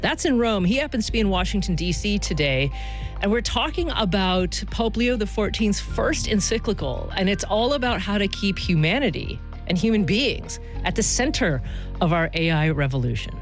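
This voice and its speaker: Radio host, woman, animated delivery, dry studio sound with faint music behind. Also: mid-range voice, normal speed. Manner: lively, conversational questioning with fillers. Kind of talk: radio interview.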